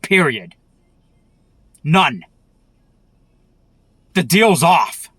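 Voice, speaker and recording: High-pitched man in a profane rant. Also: very animated, very slow, bright, forceful tone, husky, dry recording. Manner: profane, heated, repetitive. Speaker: vlogger. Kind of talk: angry political rant.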